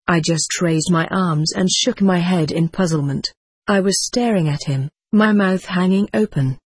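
A woman reading a first-person memoir aloud as an audiobook narrator, in a measured, descriptive way. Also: lowish voice, slightly rough, dry recording.

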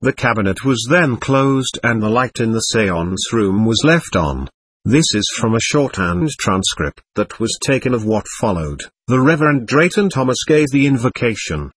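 A man giving a measured, matter-of-fact first-person account of a seance, read aloud. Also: mid-range voice, very animated, fairly bright tone, husky, no echo. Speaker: medium recounting a seance.

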